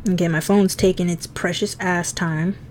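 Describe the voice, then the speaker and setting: A woman's voice: lowish voice, fairly even intonation, moderate pace, darkish tone, a little hiss or hum. A woman streaming herself drawing, chatting casually, laughing often and swearing freely as she teases herself. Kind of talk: casual chat while drawing.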